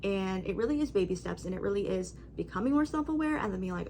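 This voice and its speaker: A woman's voice: medium pitch, animated, fast, darkish tone, slight background noise. Emphatic woman vlogging to camera. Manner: emphatic, rambling, frequent "right?" and "you know". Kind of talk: casual talking-head monologue.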